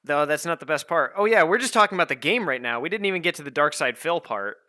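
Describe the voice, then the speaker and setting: A man's voice: animated, fast. A man streaming a game, chatting casually with his chat, swearing a lot and breaking into exasperated rants. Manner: swearing, exasperated, bursts into high shouting rants.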